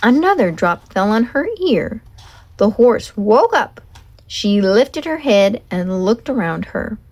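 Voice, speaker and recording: A woman reading a children's chapter book aloud with expressive, emphatic narration. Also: mid-range voice, slow. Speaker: storyteller.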